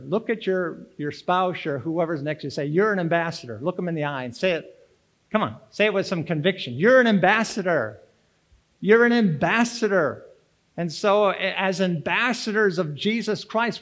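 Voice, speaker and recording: A man, preaching a folksy, energetic sermon and urging the congregation to answer back. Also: high voice. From Boston area, Massachusetts. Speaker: pastor. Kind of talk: sermon with personal story.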